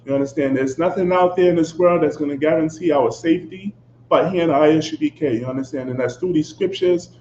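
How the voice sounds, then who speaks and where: A male preacher with a fairly high voice gives a fiery, confrontational sermon, hammering his points home emphatically and constantly asking "you understand?" He speaks briskly, his loud outbursts dropping into low asides. The echoey room sounds dull, with faint ambience and a little hiss or hum.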